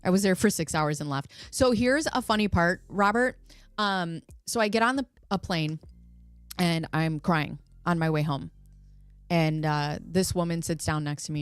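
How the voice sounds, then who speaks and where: A woman's voice: lowish voice, moderate pace, smooth, no echo, faint music behind. A woman hosting a casual livestream from America, chatty and joking as she reads out viewer comments. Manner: chatty, laughs often, jokey. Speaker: livestream host.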